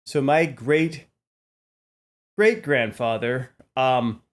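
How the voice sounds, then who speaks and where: A man's voice: mid-range voice, very slow. A man co-hosting a comedy podcast, telling a story in a rambling way full of fillers. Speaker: podcast co-host. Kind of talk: casual comedic chat.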